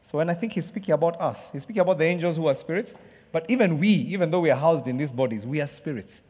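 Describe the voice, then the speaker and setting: A man preaching a sermon to a church congregation, joking with the crowd and acting out excited sports fans. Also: a little high, fast talker, breathy edge. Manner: lively, jokes with the congregation, acts out excited fans. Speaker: pastor. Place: church hall. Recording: long hall reverb.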